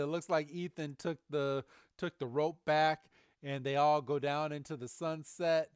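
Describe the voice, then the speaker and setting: A man's voice: on the high side, clear, resonant tone, no room sound, studio quality. A man hosting a podcast, casually recapping an episode and often laughing. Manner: chatty recap with laughs and acted quotes. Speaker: podcast host. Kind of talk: casual chat.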